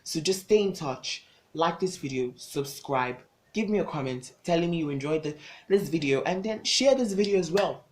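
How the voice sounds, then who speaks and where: A young vlogger tells a personal story to camera, leaning hard into every beat with emphatic repeats. The voice is mid-pitched, and the phrasing is loose and casual. A faint ambient hum sits behind the voice. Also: lively intonation, moderate pace. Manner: dramatic, emphatic storytelling with lots of repetition.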